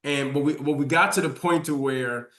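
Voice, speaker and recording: A man's voice: medium pitch, moderate pace, a bit bright. A man with a mid-range voice tells a casual anecdote on a podcast. He hesitates and restarts often as he rambles along. His voice sounds roomy and echoey. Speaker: podcast guest or co-host.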